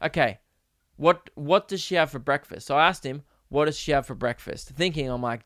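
A man's voice: mid-range voice, a little fast, a bit bright, no room sound, studio quality. A young man hosting a casual solo podcast, rambling and joking with mock drama. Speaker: podcast host.

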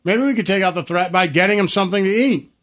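A man's voice: sits high, fast talker. A man co-hosting a talk show, making sarcastic remarks in casual banter. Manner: sarcastic, lively delivery. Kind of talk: casual chat.

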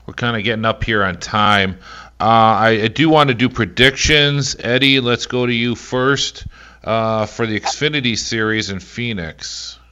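Bright-voiced male sports radio host. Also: mid-range voice, a little slow, clean tone, muffled recording. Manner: casual, filler-heavy.

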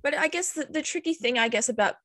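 A woman's voice: sits high, animated, a bit bright, dry recording. A woman co-hosting a gaming show, making careful, hedged points about a film. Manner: thoughtful, measured with hedges. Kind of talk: casual review chat.

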